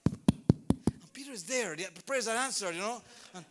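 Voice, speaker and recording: A man preaching in church, his voice pitched high and ringing bright. He tells the story with animation, acting out the scenes as he goes. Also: lively intonation, a little slow, pauses often. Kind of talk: sermon. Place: church service.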